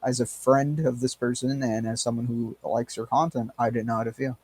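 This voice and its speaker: A man's voice: medium pitch, level tone, brisk, a little mellow, no echo. A male podcast host talks in a loose, rambling way, peppering crude jokes with filler words. His voice sits in an ordinary middle range. The sound is close and dry, with no room around it. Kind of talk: casual chat.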